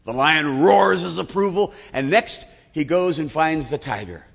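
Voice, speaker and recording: A man's voice: on the high side, lively intonation, a little slow, vocal fry, a bit bright, slightly rough, long reverb tail. A male pastor preaching a sermon in a church, talking in a conversational, humorous storytelling manner.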